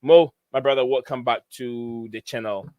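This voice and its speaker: A man hosting a live sports fan show, talking in a halting way with many fillers and restarts, from his home setup over a video call. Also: mid-range voice, fairly even intonation, warm tone, clean tone, no echo. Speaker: podcast host.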